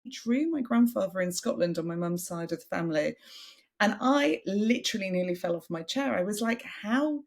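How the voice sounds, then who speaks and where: A woman hosting a podcast interview in a casual, animated chat. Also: mid-range voice, a little fast, creaky. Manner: animated, breaks into lively acted-out quotes. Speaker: podcast host.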